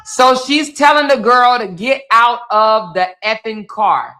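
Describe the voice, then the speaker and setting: Chatty woman livestream host, bright voice. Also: a little high, lively intonation, unhurried. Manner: chatty, talks straight to viewers. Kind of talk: live commentary reacting to a video, chatting with viewers.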